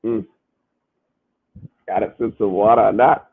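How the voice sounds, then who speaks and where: A man's voice: on the low side, steady tone, a little slow, vocal fry, slightly rough, phone-quality sound. A man hosting a podcast, preaching emphatically and repeating his points as he reads comments from the chat.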